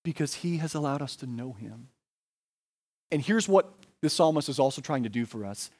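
A man's voice: medium pitch, expressive, normal speed, a little mellow. A man with an American accent, a pastor preaching a sermon in a conversational way, often asking "right?" and saying "like".

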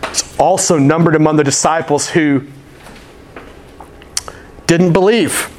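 A male pastor delivering a sermon in a loose, slangy voice that sits a little high. He tells his stories with animated energy and talks to the crowd like friends. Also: a little slow, slight background noise. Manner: casual, slangy, animated storytelling.

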